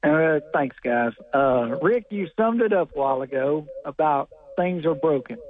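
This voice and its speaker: A man's voice: fairly high pitch, animated, moderate pace. A man calling in to sports radio, ranting in exasperation. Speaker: caller. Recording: phone line.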